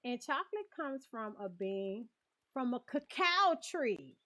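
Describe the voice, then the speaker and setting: A woman with a fairly high, sharp voice and big pitch swings talks slowly while streaming a cozy game. She chats casually and laughs often with viewers over dull, lo-fi stream audio.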